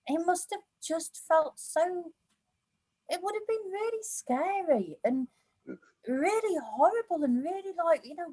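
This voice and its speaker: A woman's voice: very high voice, lively intonation, measured pace, warm tone, dry recording, low-quality recording. A woman talking about a Bible passage in a casual discussion, earnest and reflective, with many "you know"s. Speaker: church discussion partner.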